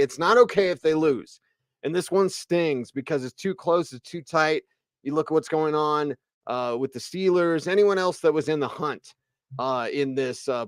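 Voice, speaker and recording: A man's voice: on the high side, dry recording. A man hosting a postgame sports radio show, giving emphatic, opinionated takes full of rhetorical questions. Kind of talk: postgame sports talk rant.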